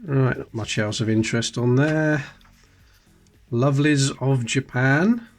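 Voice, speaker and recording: This coin-collecting channel host pages through an old magazine, offering relaxed show-and-tell remarks with wry, talkative asides. His mid-range voice is creaky and measured, and faint music plays in the background.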